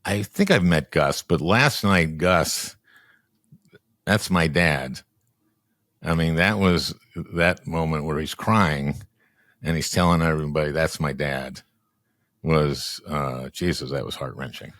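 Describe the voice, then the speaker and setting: An older man in his seventies from Minnesota, a podcast guest chatting casually with a wry, halting delivery that often trails off soft and low. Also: no echo, studio quality. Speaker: podcast guest, former senator and comedian. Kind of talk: casual political chat.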